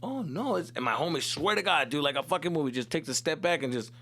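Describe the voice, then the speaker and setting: A man's voice: a little high, quick pace, a bit bright. A man from Tucson, Arizona, hosting a podcast and telling a comic story in a casual, swearing, slangy way with Spanish mixed in. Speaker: comedian host.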